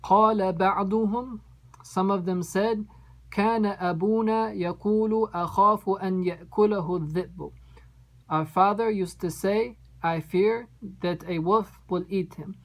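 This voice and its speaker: A woman's voice: medium pitch, very fast, low-quality recording. A woman teaching an Arabic text, reading each phrase and then translating it word by word and explaining its grammar. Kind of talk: line-by-line text translation lesson.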